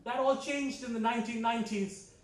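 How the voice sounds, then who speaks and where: High-voiced comedian in an echoey hall. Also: male voice, steady tone, brisk. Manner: conversational storytelling, slips into character voices. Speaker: stand-up comedian. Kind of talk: stand-up comedy set. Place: club hall with live audience. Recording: echoey hall, heard from a distance.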